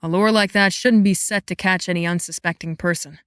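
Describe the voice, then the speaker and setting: A woman reading an audiobook voices a wry, sharp-tongued young male guardian who talks in a low, dry, mocking way. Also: fairly even intonation, fairly quick, clean tone, no room sound, lightly acted.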